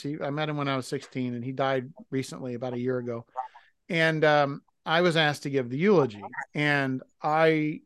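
Podcast guy, kinda high voice, candid and reflective, dry close mic. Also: smooth, no room sound. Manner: candid, reflective, thinks aloud with restarts. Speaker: podcast co-host. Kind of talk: casual podcast chat.

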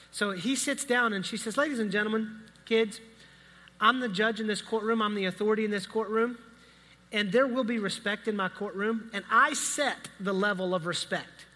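A man preaching a sermon as a pastor, telling a story in a conversational, animated way with quick asides. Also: high voice. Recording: reverberant hall.

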